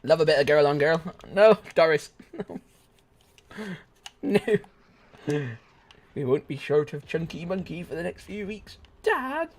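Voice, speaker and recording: A young man giving lively, joking live commentary as he streams a shooter game and chats with his viewers. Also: on the high side, measured pace, long pauses. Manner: excitable, shouts and laughs at the game; joking banter with chat. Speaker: gaming streamer.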